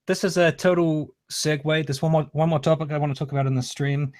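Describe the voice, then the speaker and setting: A man's voice: on the high side, fairly even intonation, fast. A man hosting a casual livestream chat, easygoing and rambling. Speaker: host.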